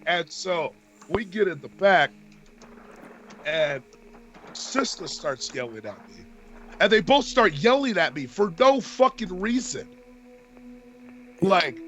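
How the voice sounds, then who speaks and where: A man with a slightly higher-than-average voice tells a rambling story in casual chat. He swears constantly and jumps into heated quoted back-and-forths, with faint music running underneath. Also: takes it slowly, long pauses, dull audio. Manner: profane, animated storytelling, acts out quoted arguments. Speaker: podcast co-host.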